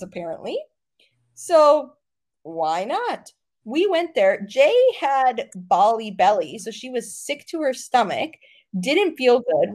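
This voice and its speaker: Young woman, podcast host, animated storyteller, lively swooping pitch, fairly high voice. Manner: animated, laughing, dramatic retelling. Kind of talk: casual storytelling chat.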